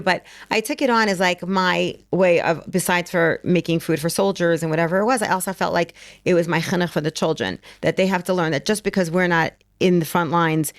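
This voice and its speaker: Middle-aged woman guest, lower voice, lively storyteller, dry close sound. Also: fairly quick, hardly any pauses, dry recording. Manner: animated, acts out quotes. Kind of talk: casual storytelling.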